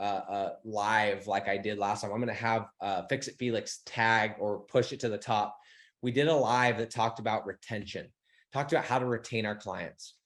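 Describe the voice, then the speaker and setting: A young man coaching his followers on business, telling a story in a casual, excitable way, swearing often and acting out what people said. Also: mid-range voice. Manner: excitable, swearing, animated retelling with voiced quotes.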